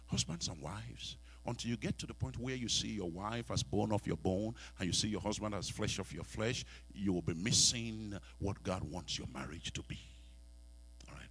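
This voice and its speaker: Husky-voiced preacher with a West African accent. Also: male voice, on the low side, very animated, normal speed. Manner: dramatic preaching, asks the congregation questions, swings from soft to loud. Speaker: pastor. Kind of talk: sermon.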